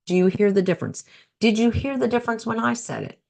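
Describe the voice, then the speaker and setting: A woman's voice: mid-range voice, brisk, vocal fry. A middle-aged woman hosting a podcast as a life coach, talking casually and repeating phrases for emphasis. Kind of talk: casual solo podcast talk.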